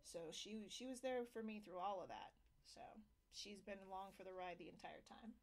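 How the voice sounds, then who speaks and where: A woman hosting a casual home interview, telling a story and acting out quotes with lots of fillers. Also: normal speed. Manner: animated, acts out quotes in higher voices. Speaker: host.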